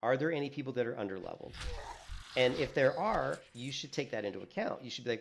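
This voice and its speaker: A man streaming a game, chatting casually and telling animated stories, acting out what others said and filling in with "you know" and "like". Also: medium pitch, fast, vocal fry, a little hiss or hum. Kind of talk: casual gaming stream chat.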